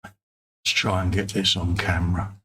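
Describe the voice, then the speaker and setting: A man's voice: sits low, flat delivery, unhurried, noisy background. Laid-back man chatting. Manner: laid-back, teasing, reads chat messages aloud. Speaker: co-host. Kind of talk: casual live-stream chat while painting models.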